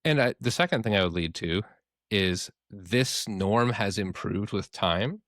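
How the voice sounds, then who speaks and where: A man's voice: on the low side, animated, unhurried, fairly bright tone, no echo. A man co-hosting a podcast, rambling candidly and swearing freely as he tells stories and acts out the people in them. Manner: acts out quoted voices in his stories. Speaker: podcast co-host. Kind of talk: casual discussion.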